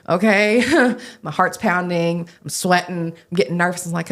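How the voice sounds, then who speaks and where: A young adult woman, a young adult pastor, telling stories in a podcast interview, animated and acting out the voices of the people she quotes. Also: fairly low pitch, fast talker, gravelly. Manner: animated, acts out quoted voices, laughs often. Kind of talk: casual storytelling in a podcast interview.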